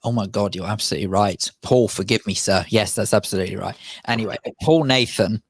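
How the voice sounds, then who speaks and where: A man's voice: lowish voice, fairly quick, breathy edge, dry recording. A man co-hosting a radio talk show, introducing a guest in an earnest, polite way. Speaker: radio co-host. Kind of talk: casual radio chat.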